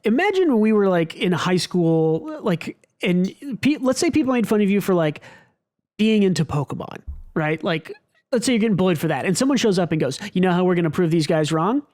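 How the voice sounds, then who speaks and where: A man's voice: sits high, a little fast. Male podcaster, casual rambling discussion, restarts and fillers. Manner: rambling, animated, many restarts. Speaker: podcast co-host.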